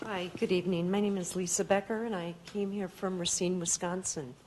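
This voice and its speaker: A woman's voice: lowish voice, steady tone, a little fast, darkish tone, a little hiss or hum, rough recording. A woman giving public testimony at a hearing, speaking earnestly and pleading, and she sounds tired. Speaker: public commenter.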